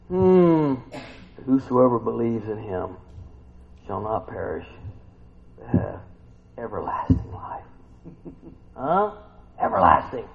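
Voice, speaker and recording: A man preaching a sermon who swings from hushed, intimate lines to sudden excited outbursts. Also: mid-range voice, vocal fry, lo-fi sound. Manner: swings from hushed to shouting bursts.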